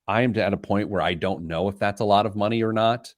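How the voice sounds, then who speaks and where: A man's voice: fairly low pitch, fast, dry recording, studio quality. A middle-aged man hosting a radio show, chatting casually in a rambling, self-deprecating way. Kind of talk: casual chat.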